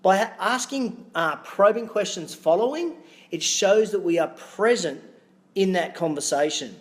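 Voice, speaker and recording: An Australian fitness business coach hosts his own video podcast, addressing the camera with upbeat, energetic motivation and punchy asides. His voice sits high.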